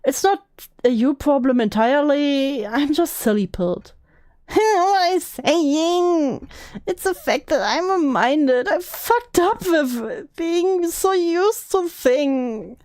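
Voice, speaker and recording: A woman's voice: high-pitched, expressive, slow, darkish tone, no room sound, clean studio sound. A young woman talking casually on a stream, emotional and swearing, laughing often.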